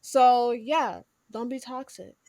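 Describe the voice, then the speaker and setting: A woman's voice: fairly high pitch, darkish tone, no echo. A young woman co-hosting a podcast, rambling casually with lots of "like" in between. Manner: rambling with lots of "like", quick laughs. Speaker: podcast co-host. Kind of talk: casual chat.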